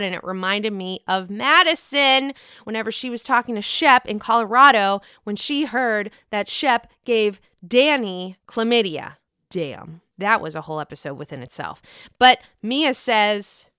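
A woman's voice: on the high side, expressive, measured pace, sharp tone, clear, resonant tone, no room sound, studio quality. A woman casually recapping a reality show episode, sassy and profane, acting out what the cast members said.

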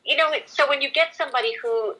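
A woman's voice: high-pitched, fast talker, bright, forceful tone, poor audio. A woman who works in voiceover, chatting eagerly as a podcast guest, full of "like" and "you know". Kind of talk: casual conversation.

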